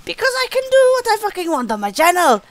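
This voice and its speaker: A woman talks over her gameplay in a high voice, cursing freely and chatting to viewers. Her delivery swoops up and down, with a playful mock pirate lilt. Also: wildly swooping pitch, fast. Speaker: gaming channel host. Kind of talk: let's play commentary.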